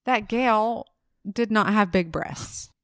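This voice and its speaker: A woman co-hosting a casual true-crime podcast, telling the case in a relaxed way and laughing easily. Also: mid-range voice, takes it slowly, clear, resonant tone, no room sound, clean studio sound. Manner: relaxed storyteller, laughs easily, acts out quotes briefly. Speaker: podcast co-host narrating the case.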